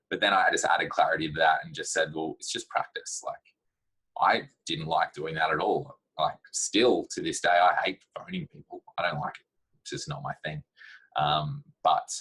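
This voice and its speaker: A man's voice: rumbling low, sharp tone, breathy edge, low-quality recording. A man giving blunt, practical career advice in a casual talk to camera, with plenty of fillers.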